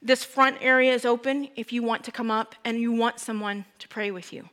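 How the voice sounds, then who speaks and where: Emotional woman pastor, bright voice. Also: a little high, steady tone, a little fast. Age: young adult to middle-aged, a parent. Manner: emotional, voice dropping to whispers. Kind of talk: sermon.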